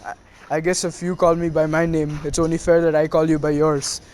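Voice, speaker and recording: A man's voice: on the high side, level tone, fairly quick, a little mellow, close to an everyday voice. A man voicing a grumpy, proud male fox spirit who snaps and calls the boy a brat. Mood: grudging.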